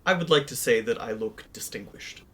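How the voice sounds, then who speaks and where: A tabletop player putting on a low, quiet voice for an earnest young male dog ranger who speaks slowly and with dignity. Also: lively intonation, slight background noise, lightly acted. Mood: solemn. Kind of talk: tabletop role-play character voice.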